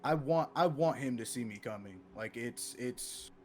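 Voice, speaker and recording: A man's voice: medium pitch, lively intonation, moderate pace. A young man speaking as a player in a tabletop game, hesitant and rambling with many fillers. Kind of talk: casual tabletop game chat.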